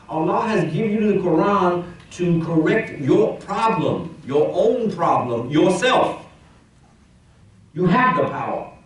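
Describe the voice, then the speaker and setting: This imam's voice sits high as he delivers a conversational Friday sermon full of rhetorical questions, swinging between loud and soft. He is off-mic in a mosque prayer hall, so the sound is distant and heavily reverberant.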